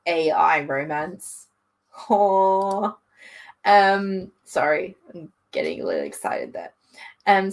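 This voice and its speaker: A woman vlogger chatting casually about new anime, reacting in an excitable, gushing way. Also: lowish voice. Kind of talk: casual chat.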